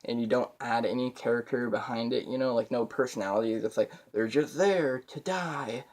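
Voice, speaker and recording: A man's voice: mid-range voice, a little fast, few pauses, a little mellow. Young guy rambling thru a movie review, swears a lot, laughs here and there. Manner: rambling, profane, laughs between points. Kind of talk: casual spoken review.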